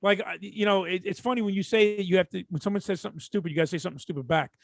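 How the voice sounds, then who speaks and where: A man tells a story on a casual podcast in a high voice, swearing freely and acting out everyone in it. The sound is dry and close, with no room echo. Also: rapid-fire, gravelly. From Brooklyn, New York. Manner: animated, profane, acts out the people in his stories. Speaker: podcast co-host.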